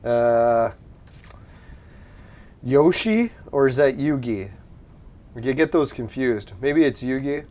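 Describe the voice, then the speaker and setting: Chill gamer dude rambling while he plays, mid-pitched voice, swears a lot, keeps laughing. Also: lively intonation, slow, pauses often, a little mellow. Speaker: gaming channel host. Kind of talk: casual let's-play commentary.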